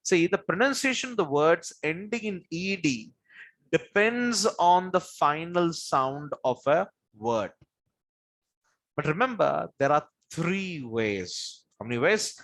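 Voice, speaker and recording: A man teaching pronunciation in a classroom lecture. He asks his own questions, answers them himself and spells out letters slowly. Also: fairly high pitch, big pitch swings, a bit bright. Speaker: English teacher.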